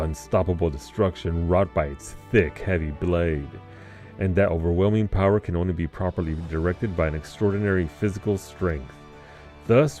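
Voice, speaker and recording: A man voicing a stern male warrior guild master as he reads game dialogue aloud, formal and measured. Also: deep voice, dark tone, lightly acted. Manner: formal, solemn, measured delivery.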